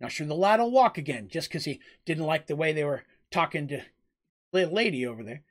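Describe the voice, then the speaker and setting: A man's voice: fairly high pitch, animated, brisk. A man voicing a nervous, stammering village innkeeper who pleads anxiously. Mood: frustrated.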